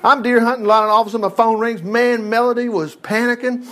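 A middle-aged man preaching a sermon as pastor, telling stories in a folksy, animated way with chuckled asides. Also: very high voice, a little fast.

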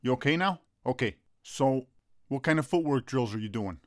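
A man's voice: mid-range voice, lively intonation, moderate pace, no room sound, studio quality. A man in a comedy sketch talking bluntly and teasingly to a friend, swearing freely in street-tough slang. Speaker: friend of the coach.

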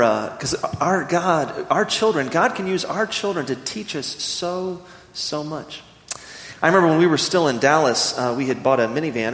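A man in his thirties preaching a sermon, earnest and storytelling, slowing down when he reads scripture. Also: on the high side, fairly bright tone. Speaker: pastor. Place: church sanctuary. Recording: echoey church hall.

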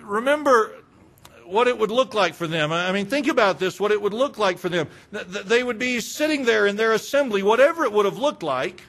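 A man's voice: sits high, animated, brisk, fairly bright tone. A man, a pastor, preaching a sermon in a conversational way, asking rhetorical questions and mimicking indifferent churchgoers.

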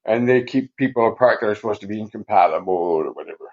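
A man's voice: lowish voice, animated, fast talker, highs cut off. A man telling stories as a podcast guest in a casual, rambling way, swearing constantly and ending sentences with "right?". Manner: rambling, heavy swearing, frequent "right?" tags. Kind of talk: casual storytelling interview.

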